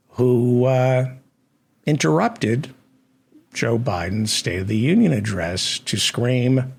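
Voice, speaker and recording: A man hosting a satirical news show, talking slowly with a husky edge. His pitch swings widely as he drops deadpan asides. The delivery stays dry and mocking. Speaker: comedy news host.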